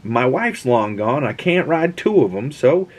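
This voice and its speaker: A man voicing an excitable middle-aged dad who sells jet skis, in squeaky, bewildered exclamations. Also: measured pace. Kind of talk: acted quote in a casual reaction review.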